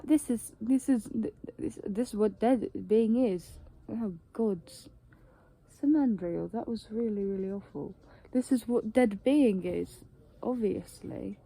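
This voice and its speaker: A woman's voice: on the high side, mellow, dry recording. A tired woman talking in a casual, rambling monologue, full of "like" and the odd swear word. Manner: meandering, heavy use of "like" and swearing.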